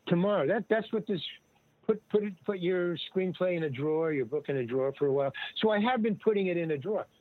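A man's voice: sits high, fast talker, no room sound. Older man rambling over a tinny line. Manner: rambling, with many restarts and animated retelling of dialogue. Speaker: interview guest. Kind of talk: casual storytelling. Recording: dry, tinny phone-like line.

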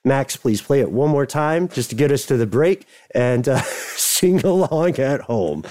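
A man hosting a casual comedy talk show, joking and making quick asides as he talks with his co-host. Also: medium pitch. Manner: jokey, animated, quick asides. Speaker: podcast host.

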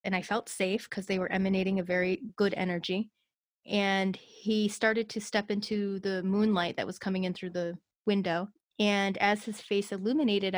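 A woman's voice: mid-range voice, no room sound. A woman telling a personal story as an interview guest, recounting it earnestly and in close detail.

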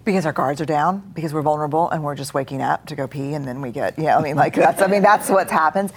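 A middle-aged woman with a low, slightly breathy voice speaks fast and earnestly as a guest in a live on-stage conversation. She acts out inner voices as she talks before the audience.

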